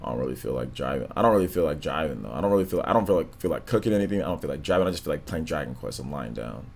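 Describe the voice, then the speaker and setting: A man hosting a live stream, chatting casually with viewers in a low, monotone, laid-back way, full of slang and filler words. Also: rapid-fire, vocal fry. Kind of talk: casual stream chat, reading donations and comments.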